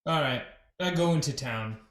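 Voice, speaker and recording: A man's voice: fairly high pitch, moderate pace, echoey room, slight background noise. A man playing a tabletop role-playing game, answering in short, upbeat replies. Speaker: player. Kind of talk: casual tabletop game talk.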